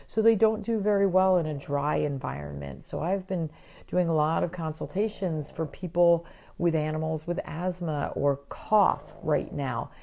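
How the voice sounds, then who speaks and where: A middle-aged woman veterinarian giving a chatty, animated talk about pets, full of quick asides. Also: low voice, gravelly, slight background noise. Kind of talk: casual educational talk.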